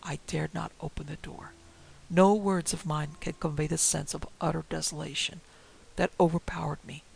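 A man reading a ghost story aloud in a dramatic, hushed way that drops often into whispers. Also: a little high, steady tone, moderate pace, gravelly, husky, rough recording. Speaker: narrator.

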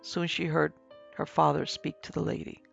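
A man narrating a horror story in a steady, even reading pace. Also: fairly high pitch, moderate pace, vocal fry, breathy edge, highs cut off, soft background music.

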